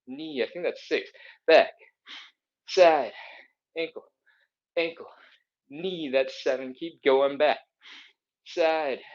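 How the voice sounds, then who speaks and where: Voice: medium pitch, muffled recording. Breathless upbeat workout instructor. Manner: upbeat, counts reps, chatty asides. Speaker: fitness instructor. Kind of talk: live follow-along workout coaching. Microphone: streaming setup.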